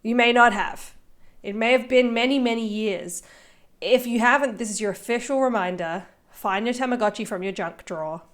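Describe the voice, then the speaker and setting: A woman's voice: on the high side, normal speed. Australian woman, podcast host, playful and theatrical, chatty comedic delivery. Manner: playful, theatrical, jumps between loud and soft. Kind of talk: casual podcast chat.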